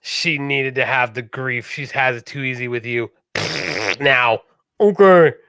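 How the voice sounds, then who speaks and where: A man co-hosting a casual podcast chat, telling stories in a lively way and acting out the voices of people he quotes. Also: mid-range voice, slow, clean tone, no echo, clean studio sound. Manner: animated storyteller, acts out quoted voices. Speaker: podcast co-host.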